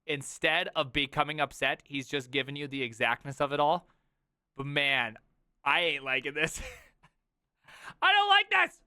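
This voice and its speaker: A man streaming live, reacting to a video with sarcastic rants and mock sales pitches. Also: fairly even intonation, a little slow, long pauses, pushed and bright, smooth, no room sound, clean studio sound.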